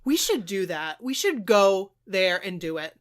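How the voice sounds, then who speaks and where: A woman's voice: mid-range voice, big pitch swings, measured pace. Chatty playful woman co-host. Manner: chatty and playful, trails off into tangents. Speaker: podcast co-host. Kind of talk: casual chat.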